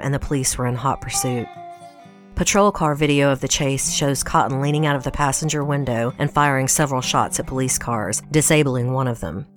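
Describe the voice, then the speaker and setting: A woman from Tennessee with a Southern American accent, a guest podcast host reading a scripted true-crime story in a measured storytelling way. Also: very deep voice. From Tennessee, USA.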